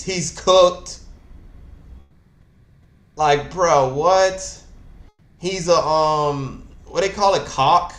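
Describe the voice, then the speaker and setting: A young man hosting a casual chat, talking in an animated, rambling and slangy way. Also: fairly high pitch, echoey room. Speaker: host.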